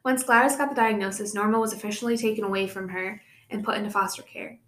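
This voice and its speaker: Presenting a true-crime case on a podcast she co-hosts, this young woman keeps things casual with chatty digressions. She has a mid-range, slightly bright voice and talks quickly. It was recorded in an echoey room.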